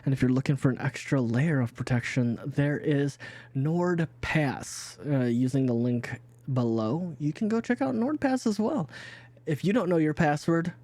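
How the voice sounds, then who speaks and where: A man's voice: on the high side, a little slow, darkish tone, dry recording. A man hosting as game master, reading sponsors in a rambling, casual way, with hiccups and many restarts. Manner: rambling, restarts, laughs easily. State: has the hiccups.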